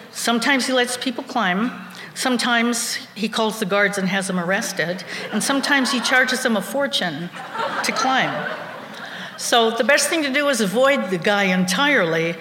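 An animated woman recounting a personal adventure on stage, her voice at a middle pitch. She chuckles through her own story, and the sound echoes around a roomy hall with a long reverb and faint ambience. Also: slight background noise.

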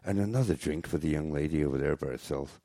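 A man's voice: rumbling low, mellow. A man doing a stammering Irishman at a bar. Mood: stammering, eager. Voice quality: halting, stammering. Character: flirty male Irishman in a pub joke.

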